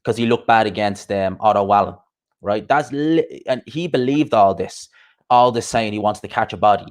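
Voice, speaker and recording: Profane ranting man, low voice. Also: moderate pace. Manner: blunt, profane, ranting with rhetorical questions. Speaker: boxing podcast host. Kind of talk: casual live stream rant.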